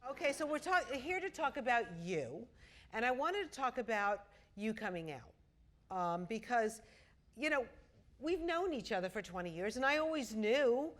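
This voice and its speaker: A woman's voice: fairly high pitch, very animated, moderate pace. A woman interviewing a guest on stage, chatty and playful, laughing easily. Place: auditorium before a live audience.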